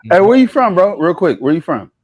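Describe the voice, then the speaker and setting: A man's voice: sits high, sing-song, a little fast, a little mellow, highs cut off. A man on a live panel, teasing the others bluntly and repeating his phrases. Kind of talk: casual panel chat.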